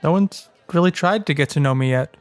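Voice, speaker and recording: A man playing a kind, earnest young hobgoblin student in a tabletop role-play, speaking with gentle hesitation. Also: a little high, fairly quick, a faint crowd. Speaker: player.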